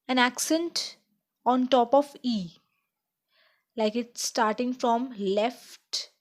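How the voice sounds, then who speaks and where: Slow-speaking woman teaching beginner French. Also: fairly high pitch. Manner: slow and careful, checks in with "okay?". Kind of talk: slow beginner language lesson.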